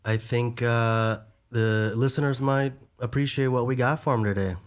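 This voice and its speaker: A man's voice: medium pitch, steady tone, normal speed. A man co-hosting a casual podcast from a bedroom, laid-back and playful. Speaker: podcast co-host.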